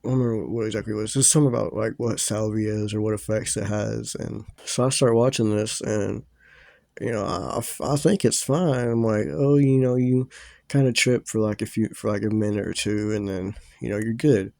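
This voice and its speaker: A man's voice: lowish voice, fairly even intonation, brisk, gravelly, dark tone, dry recording. A young man casually telling a rambling story to his viewers, full of fillers and swearing.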